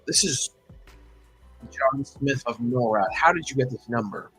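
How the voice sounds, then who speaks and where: A man's voice: mid-range voice, a little slow, a bit bright, soft background music, close to an everyday voice, low-quality recording. A man voicing a brusque male military phone operator, with a clipped, official manner. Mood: stern.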